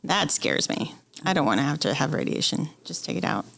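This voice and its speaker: A woman's voice: low-pitched, animated, a little fast, gravelly, fairly bright tone. A woman guest speaking candidly and with emotion in an interview, telling a personal story.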